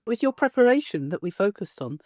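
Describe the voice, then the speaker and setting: A woman's voice: mid-range voice, very animated, fast talker, darkish tone, dry recording. A woman, an ADHD coach co-hosting a podcast, chatting supportively with short interjections. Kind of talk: casual podcast conversation.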